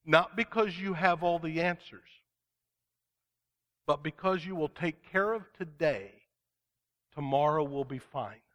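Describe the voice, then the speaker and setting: Earnest preaching man, fairly high voice. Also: a bit bright. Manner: earnest, emphatic, slows down to stress key words. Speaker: pastor. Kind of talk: sermon.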